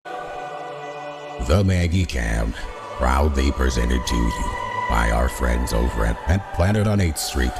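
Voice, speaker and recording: A man putting on a booming deep narrator voice. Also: lively intonation, vocal fry, exaggerated voice. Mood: solemn, warm. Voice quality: very deep and unhurried. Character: slow gravel-deep male narrator, grand and calm. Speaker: ad reader. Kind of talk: sponsor ad read. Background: loud music bed.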